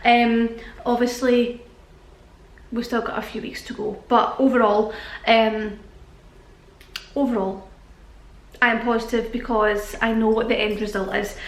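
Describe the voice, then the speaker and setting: Young British woman vlogging, breathless and chatty, higher voice in a roomy space. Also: flat delivery, a little slow. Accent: British English. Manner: chatty, rambling, laughing often. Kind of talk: casual chat to camera. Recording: echoey room.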